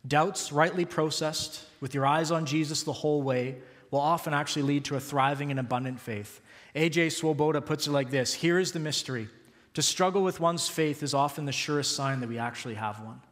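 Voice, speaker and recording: Man, pastor, sermon, high voice, long hall echo. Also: fairly bright tone. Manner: earnest, rising to emphatic peaks.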